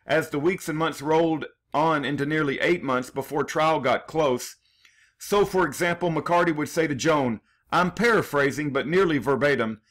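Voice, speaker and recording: A man's voice: a little high, a bit bright. A man reading his own prepared statement in numbered points, earnest and aggrieved, with small restarts. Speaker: defendant telling his case.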